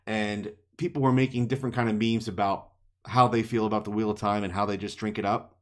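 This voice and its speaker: A man co-hosting a podcast, casually retelling a fantasy novel chapter with playful quoted voices and laughter. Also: fairly low pitch. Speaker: podcast co-host. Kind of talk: casual book discussion podcast.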